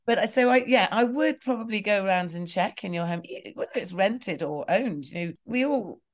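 A woman's voice: mid-range voice, lively intonation, normal speed. A woman guest giving practical home advice in a chatty, rambling way, often correcting herself mid-sentence. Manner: chatty, rambling, explains with self-corrections and laughs. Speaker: guest property expert. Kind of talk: casual interview advice.

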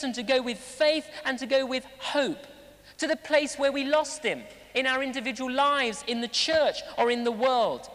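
A man preaching a sermon at a live celebration, telling stories with jokes and acted-out voices. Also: very high-pitched. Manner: animated storytelling, acting out voices and jokes. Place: large hall at a live celebration. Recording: long reverb of a big hall.

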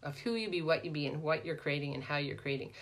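A middle-aged woman with a somewhat low voice talks through a live coaching session. She is animated and chatty, tossing out "right?" and answering viewers as they come in. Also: fast talker. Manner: animated, peppered with "right?", greets viewers by name. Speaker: life coach hosting a live Q&A. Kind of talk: casual live-stream coaching talk.

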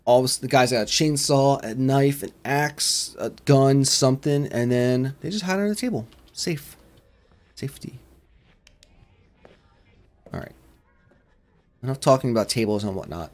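A man of middle pitch commentates his way through a horror game. He rambles from one thought to the next and breaks into sudden shouts when something jumps out at him. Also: animated, normal speed, long pauses. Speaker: gaming channel host.

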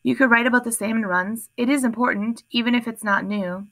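A woman's voice: fairly high pitch, fairly even intonation, brisk, a bit bright. Woman voicing Melissa, earnest teen girl editor.

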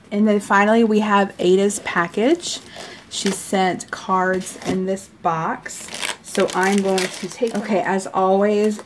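In a casual chat, an American card-making YouTuber in middle age shows the handmade greeting cards she mailed, laughing frequently and gushing over them. She speaks at a medium pitch, with a slight hiss or hum in the background.

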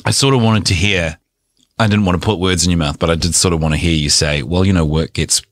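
A deep male voice leading a casual conversation, teasing his guests and chiming in with short remarks. The recording is close and dry. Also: steady tone, dry recording. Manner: playful, teasing, quick interjections.

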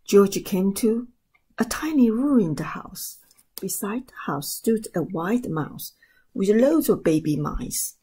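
Woman reading a picture book aloud, slow, mellow, breathy, expressive. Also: medium pitch. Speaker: story time reader.

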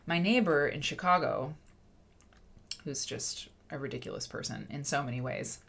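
A woman's voice: extremely low pitch, lively intonation, moderate pace, vocal fry, fairly bright tone, breathy edge. A woman hosting a livestream in casual, rambling chat, laughing often. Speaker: show host.

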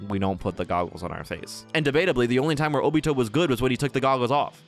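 A man rambles through game character rankings in a playful, joking way. His pitch bounces around a lot and he often slips into mock-dramatic declarations. His voice sits in a middle range, with faint music underneath. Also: animated, racing. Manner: playful, rambling, theatrical asides. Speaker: gaming YouTuber. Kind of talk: casual tier-list commentary.

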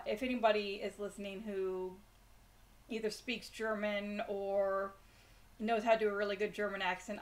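A woman hosting a bedtime story channel, chatting casually and self-deprecatingly before reading a chapter aloud. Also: medium pitch. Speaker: storyteller host.

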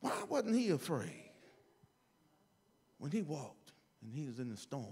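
Mężczyzna, gościnny kaznodzieja w kościele, wygłasza kazanie, raz wykrzykując, raz przechodząc w cichy szept, i zwraca się do zgromadzenia. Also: male voice, on the high side, huge pitch swings, measured pace, pauses often, slightly rough. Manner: shouts then drops to a soft hush; calls to the congregation. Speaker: guest preacher. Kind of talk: sermon. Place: church sanctuary. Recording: long hall reverb.

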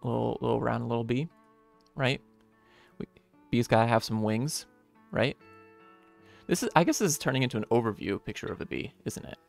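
A man hosting a casual live stream. He greets viewers one by one in an upbeat, friendly way, with playful, softly self-mocking asides. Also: medium pitch, moderate pace, vocal fry, long pauses. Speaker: streamer and game developer. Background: faint lo-fi music.

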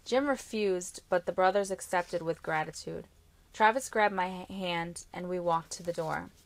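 A woman reads a novel aloud in the first person, keeping the telling steady and even. Her voice sits low for a woman. The recording is dry and close, with no room sound. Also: moderate pace, no room sound. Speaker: audiobook narrator.

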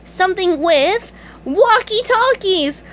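A woman voices a cheerful, eager sponge boy from a storybook, pitched high and a little bossy. He talks in an excited, self-important way, with a faint hiss of noise under the voice. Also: unhurried, full character voice.

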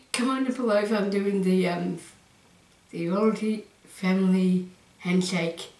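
A woman's voice: mid-range voice, takes it slowly, pauses often. Giggly woman vlogging in a roomy space. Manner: giggly, laughs between phrases; excitable, rambling. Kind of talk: casual chat to camera. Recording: roomy echo.

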